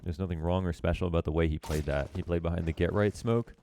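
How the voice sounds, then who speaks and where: A man's voice: low-pitched, steady tone, quick pace, mellow, a little hiss or hum. A man coaching viewers through a recorded match, talking in a loose, chatty way with lots of filler words and some self-mocking asides. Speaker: esports coach reviewing a match demo. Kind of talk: casual game analysis commentary.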